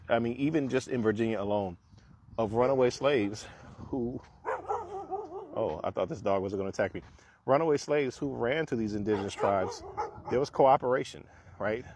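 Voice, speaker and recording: Man, conversational lecturer, outdoors walking, mid pitch, faint street noise. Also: darkish tone. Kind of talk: casual explanatory talk.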